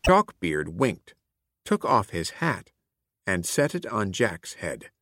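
Slow, expressive male storybook reader. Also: sits low, dry recording, clean studio sound. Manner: clear and expressive, like a teacher reading aloud. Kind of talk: read-aloud children's story narration.

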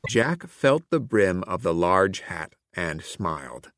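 A man reading a children's picture book aloud in a clear, expressive way, including its classroom activity prompts. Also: deep voice, takes it slowly, no room sound, studio quality. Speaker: storybook reader. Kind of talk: read-aloud children's story narration.

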